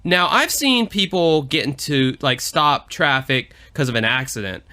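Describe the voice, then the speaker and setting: A young man co-hosting a podcast, telling stories in animated casual chat with swearing. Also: on the high side, a little slow. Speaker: podcast co-host.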